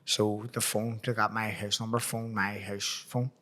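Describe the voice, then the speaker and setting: A man's voice: on the low side, level tone, unhurried, sharp tone. A man with a Belfast accent hosting a podcast, telling profane stories in casual chat and acting out the voices in them. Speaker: podcast host.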